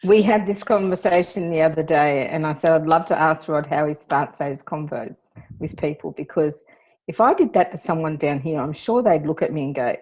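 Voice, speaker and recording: A woman's voice: sits low, normal speed, a little mellow. A woman hosting a casual video call, chatty and agreeing along with her guest. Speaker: host. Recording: dull video call audio with faint noise.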